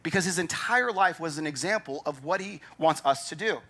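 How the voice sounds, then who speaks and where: A man's voice: a little high, a little fast. A man preaching a sermon as pastor, emphatic and conversational, acting out his listeners' doubts. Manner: animated, acts out doubting listeners' thoughts.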